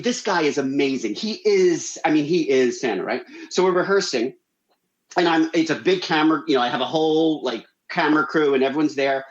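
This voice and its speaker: A man telling a story on a radio show, animated and acting out the people he quotes. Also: roomy sound, muffled recording, a little hiss or hum. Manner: animated, acts out quotes with big pitch jumps. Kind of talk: casual storytelling.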